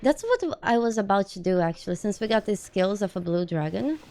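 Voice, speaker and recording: A woman streaming a video game, chatting casually and excitably, swearing and panicking at mishaps. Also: mid-range voice, brisk. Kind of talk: casual live-stream commentary.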